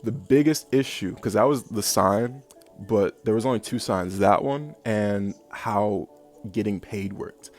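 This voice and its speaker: A man's voice: on the low side, measured pace, darkish tone, faint music behind. A young man telling a long personal story in a casual, rambling way, full of fillers and bursts of laughter. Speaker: vlogger.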